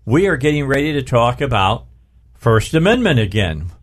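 A man's voice: medium pitch, big pitch swings, moderate pace, a little hiss or hum. A middle-aged man hosting a talk radio show from his studio, rambling and restarting his sentences, stretching out words for emphasis.

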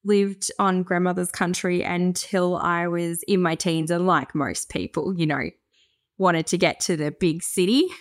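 An Australian woman guest who chats easily, with frequent fillers and quick laughs. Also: fairly low pitch, fairly even intonation, no echo, clean studio sound. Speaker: guest campaigner. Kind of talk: casual interview chat.

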